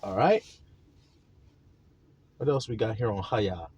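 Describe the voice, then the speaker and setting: A man's voice: lowish voice, lively intonation, slow, a little mellow, breathy edge, dull audio. A man giving sermon-style teaching, emphatic, drawing out key words and asking his listeners again and again if they see it. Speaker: religious teacher.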